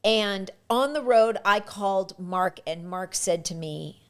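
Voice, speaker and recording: A middle-aged woman in a relaxed interview, recounting her past with lively energy. She leaps into little acted-out snippets of dialogue and often stumbles and restarts mid-sentence. Her voice sits at an ordinary pitch for a woman. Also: takes it slowly. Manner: animated, acts out quoted dialogue, frequent restarts. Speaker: guest actress. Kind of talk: casual storytelling interview.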